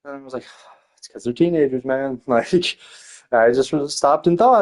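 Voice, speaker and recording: A man's voice: medium pitch, normal speed, a little mellow. A young man, a teacher, chatting casually, swearing freely, packing his stories with fillers and laughing often. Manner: loose, profane storytelling with many fillers; frequent laughter. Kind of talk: casual podcast chat.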